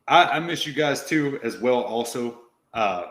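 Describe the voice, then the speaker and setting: A man hosting a casual podcast, ranting and swearing a lot in an animated way. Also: medium pitch, a little slow. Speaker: podcast host. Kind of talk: profane casual chat. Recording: roomy echo.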